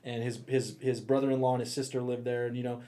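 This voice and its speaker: Male podcast co-host, rapid casual delivery, laughs easily, loose and profane. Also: medium pitch, flat delivery, warm tone. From United States. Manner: laughs often, swears casually. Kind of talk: casual chat.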